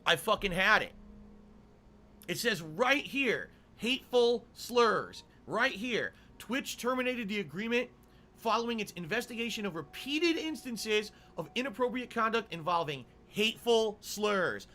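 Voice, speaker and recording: Indignant middle-aged man, swearing rant, high and bright. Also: big pitch swings, a little slow. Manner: indignant, swearing, repeating demands. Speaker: streamer. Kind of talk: angry rant to camera.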